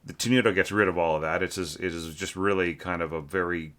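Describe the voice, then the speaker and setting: Low and steady, a little bright, the voice belongs to an orchestration instructor loosely reviewing a score. He halts often, leans on fillers, and sings bits to demonstrate.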